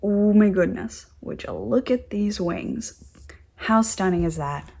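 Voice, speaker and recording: A woman's voice: medium pitch, animated, takes it slowly, vocal fry, darkish tone. A young woman hosting a knitting podcast, chatting casually and gushing over crafts she shows. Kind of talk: casual show-and-tell chat.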